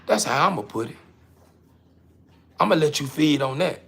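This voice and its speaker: A man hosting his own show, delivering a casual, emphatic monologue to the camera that he keeps repeating himself through, swinging between loud and quiet. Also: on the high side, animated, moderate pace, vocal fry, husky.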